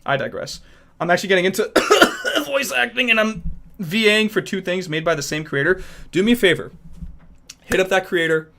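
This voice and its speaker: Young male streamer; upbeat, bright, rambling casual talk. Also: high voice, normal speed, creaky. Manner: animated, rambling, restarts often. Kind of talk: casual chat reacting to viewers.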